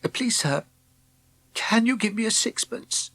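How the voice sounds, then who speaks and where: A man voicing a polite, eager young boy in a storybook reading, bright and a little timid. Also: high voice, animated, unhurried, voice pushed up, exaggerated voice.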